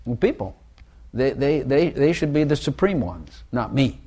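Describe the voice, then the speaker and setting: A man's voice: medium pitch, big pitch swings, moderate pace, warm tone. Male preacher, casual sermon delivery, repeats himself, quizzes the room. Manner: conversational, repeats phrases, asks the listeners questions. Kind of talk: informal sermon.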